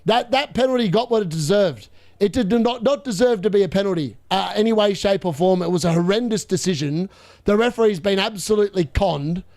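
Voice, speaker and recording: A young man hosting a live fantasy football watchalong, excitable and gloating, laughing often and repeating himself. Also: high voice, brisk. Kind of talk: live stream commentary.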